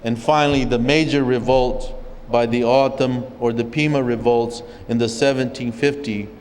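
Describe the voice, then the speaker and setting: A man from an O'odham community in Arizona recounting his people's history as a speaker at a public forum, in a measured storytelling way. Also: medium pitch, fairly even intonation, a little mellow, long reverb tail, low-quality recording. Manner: measured storytelling, occasional restarts. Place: legislative chamber at a state capitol.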